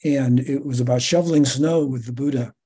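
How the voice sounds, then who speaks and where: A man adding a thought in a casual group sharing, measured and stumbling over restarts. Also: medium pitch, steady tone, mellow, breathy edge.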